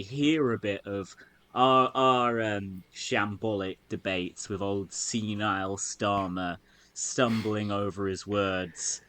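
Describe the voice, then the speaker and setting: A man with a somewhat low voice hosts a casual podcast chat. He mocks in a sardonic, sweary way and stops and restarts with plenty of fillers. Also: a bit bright, no echo. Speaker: podcast host.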